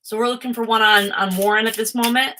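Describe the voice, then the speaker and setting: Woman, casual tarot reading, rambling, giggly, easily distracted, bright voice. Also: fairly high pitch, steady tone, fast talker, a little hiss or hum.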